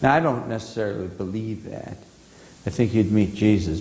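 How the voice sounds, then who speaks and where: A man's voice: lowish voice, normal speed, a little mellow. A male pastor preaching a sermon in a church, talking conversationally and quizzing his congregation. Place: church sanctuary. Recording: echoey church hall.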